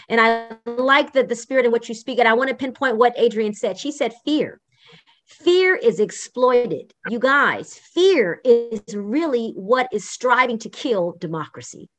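A woman's voice: a little high, a bit bright. A woman hosting an online discussion who speaks in an encouraging, affirming manner. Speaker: host of an online forum. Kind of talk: hosting a video call discussion.

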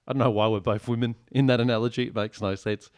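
A man's voice: mid-range voice, little pitch movement, fast. A man, co-hosting a casual comedy podcast and telling stories in a dry, joking way. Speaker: podcast co-host.

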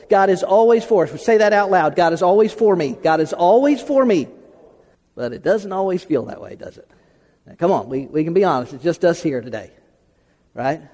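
An American pastor preaches a sermon in a folksy, conversational manner, repeating phrases for emphasis. His voice is high-pitched and warm, trailing off into a long reverb.

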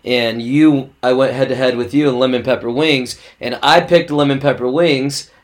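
A man's voice: medium pitch, steady tone, moderate pace. A man co-hosting a casual podcast from California, stuffed up from allergies, laid-back and swearing freely. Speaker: podcast co-host. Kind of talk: casual chat.

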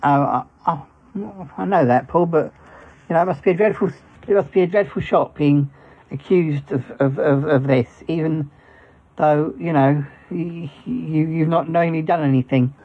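A man's voice: a little high, fairly even intonation, moderate pace. Man as a stammering, sheepish friend. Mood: awkward. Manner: stammering, awkward. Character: sheepish, hesitant male friend. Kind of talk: comedy sketch acting. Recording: dull lo-fi sound, faint music.

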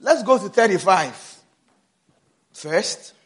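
High-voiced preaching pastor, loud then hushed. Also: male voice, sing-song, takes it slowly, slightly rough. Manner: swings between shouted emphasis and soft low asides; repeats words for emphasis, asks the congregation questions. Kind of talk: sermon.

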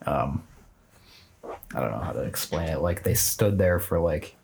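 A man in casual chat who tells a short story haltingly and searches for words. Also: rumbling low, lively intonation, vocal fry, darkish tone, slight background noise.

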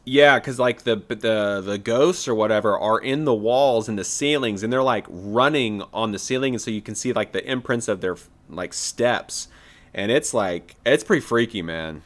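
A young adult man co-hosting a podcast introduces trailers in relaxed, casual chat, often dropping "man" and "yeah." His voice is on the low side and he speaks at a normal speed.

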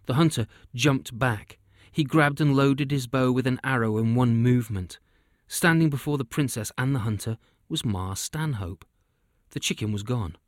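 A man narrating a children's fantasy story in a steady, even storytelling voice. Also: medium pitch, moderate pace, dry recording, studio quality. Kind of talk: storybook reading.

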